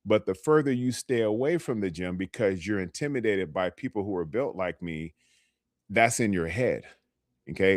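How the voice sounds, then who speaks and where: A man's voice: lowish voice, animated, normal speed, no echo, studio quality. A man, a health coach, giving motivational advice on a live stream in a conversational way, often checking in with "okay?". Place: lives in California.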